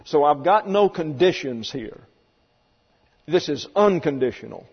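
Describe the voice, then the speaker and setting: A man's voice: fairly high pitch, expressive, a little slow, husky. A man preaching a sermon, explaining doctrine in an emphatic, methodical way and often linking points with "and therefore.". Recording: dull lo-fi recording with long hall reverb.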